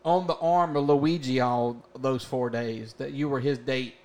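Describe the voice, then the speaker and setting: A man's voice: mid-range voice, steady tone, a little slow, darkish tone. A man hosting a casual podcast interview, teasing his guest with prodding questions and laughing often. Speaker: podcast host.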